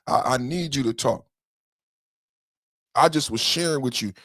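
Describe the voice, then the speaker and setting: Emotional and foul-mouthed, a podcast host rants through livestream commentary, returning to the same points and speaking right at chat commenters. His medium-pitched, slightly bright voice moves at a moderate pace, recorded close and dry with no room sound.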